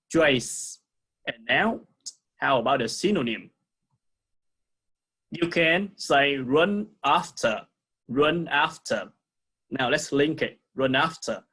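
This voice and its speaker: A man with a Vietnamese accent teaching an English lesson to young pupils, saying words slowly and repeating them for the class. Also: medium pitch, fairly bright tone, slightly rough. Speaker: primary school English teacher. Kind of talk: recorded online lesson.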